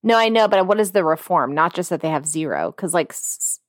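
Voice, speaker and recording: A woman co-hosting a podcast in casual chat, chatty and quick with asides as she reads names and notes aloud. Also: on the low side, expressive, dry recording, clean studio sound. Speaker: podcast co-host.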